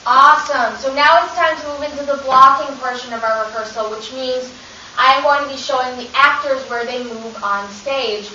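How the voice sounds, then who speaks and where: A woman's voice: sits high, pushed and bright. A woman leading a children's drama rehearsal, upbeat and encouraging, giving step-by-step instructions. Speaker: drama workshop teacher. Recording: distant, echoey, dull lo-fi recording with hiss.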